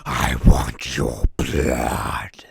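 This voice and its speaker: Possessed hero, abyss-deep gravelly growl, crawling slow, menacing. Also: male voice, fairly even intonation, heavily acted. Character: Peter possessed by symbiote, menacing male.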